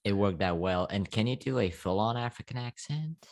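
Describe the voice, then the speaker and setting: A man hosting a podcast interview in a casual, encouraging way, quick to laugh. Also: on the low side, expressive. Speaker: podcast host.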